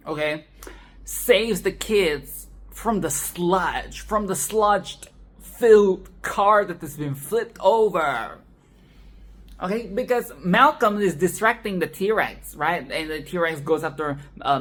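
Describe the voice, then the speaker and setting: A young woman hosting a casual film rant, laughing often, exasperated and swearing, with sudden animated outbursts. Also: fairly low pitch. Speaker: film commentary channel host.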